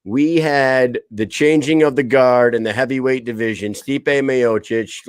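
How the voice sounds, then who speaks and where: A podcast host in his thirties chats casually in a mid-range voice with a clear, resonant tone. His dry, close-miked read has no echo, and he swears freely, laughs often, and tells stories quickly.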